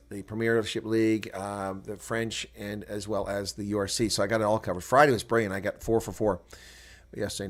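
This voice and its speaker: Excitable live rugby stream commentator, man. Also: lowish voice. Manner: gets loud and excited during play, argues with referee calls; muttering to himself while checking results.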